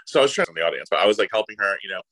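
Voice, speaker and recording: A man's voice: fairly low pitch, very fast, low-quality recording. A man, an actor guest, telling anecdotes in casual chat and acting out the people he quotes. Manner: animated, voices others in quotes. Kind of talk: casual storytelling.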